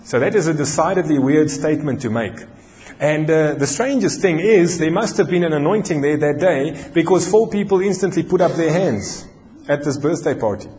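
A male pastor with a South African accent preaching a sermon, telling a story in an animated way and slowing down for emphasis. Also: fairly high pitch, slight background noise. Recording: long hall reverb.

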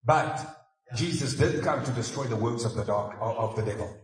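A man of medium pitch and normal speed preaches conversationally in a church hall, tossing in humorous asides. The recording is echoey, with the mic far away.

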